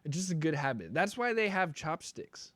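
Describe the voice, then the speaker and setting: A man's voice: fairly high pitch, sing-song, normal speed, fairly bright tone, dry recording. A young man chatting casually on a live stream while making beats, joking and rambling playfully.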